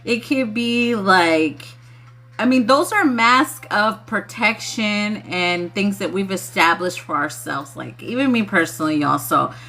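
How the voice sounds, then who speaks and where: A woman talks loosely to her livestream viewers, laughing often between thoughts. Her voice has a bright, forward edge. She takes her time and speaks at an unhurried pace. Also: medium pitch, lively intonation. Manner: laughs often, loose and chatty, says y'all. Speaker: spiritual channeler on a livestream. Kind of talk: casual livestream talk.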